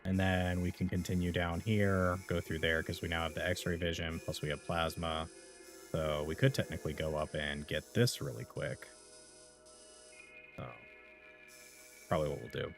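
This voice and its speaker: A man's voice: sits low, flat delivery, normal speed, long pauses, soft background music. A man casually commenting on his gameplay during a live stream, chatting with viewers between moves. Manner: casual, chatty, talks to chat while playing.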